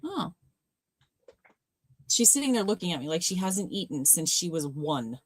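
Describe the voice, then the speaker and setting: A woman's voice: on the low side, sing-song, normal speed. A woman co-hosting a livestreamed movie watch party, chatting casually, laughing often and trailing off mid-sentence. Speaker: livestream co-host.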